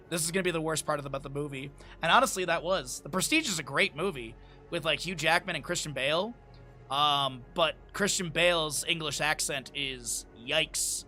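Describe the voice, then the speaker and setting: A man's voice: sits high, bright, forceful tone. A young man casually commentating a live esports tournament stream, chatty and rambling with lots of fillers, sounding a bit sleepy.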